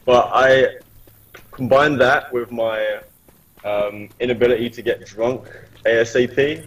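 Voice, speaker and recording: A man's voice: mid-range voice, steady tone, a little slow, distant mic, poor audio. Laid-back man gamer. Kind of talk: casual gameplay chat.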